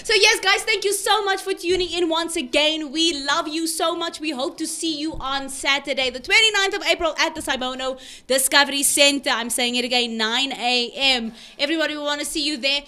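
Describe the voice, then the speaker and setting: A woman's voice: sits high, brisk, hardly any pauses, bright, forceful tone. A South African woman hosting a podcast in casual studio chat, playful and laughing often. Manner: playful, laughs often, mixes in Afrikaans phrases. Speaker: podcast host.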